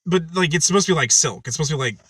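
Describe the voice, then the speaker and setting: A man co-hosting a casual podcast about films, talking in loose, rambling runs full of fillers and restarts. His voice is bright and slightly high, and it swings up and down a lot. The sound is close and dry. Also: animated, racing, breathy edge, no echo. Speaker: podcast co-host. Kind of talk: casual chat.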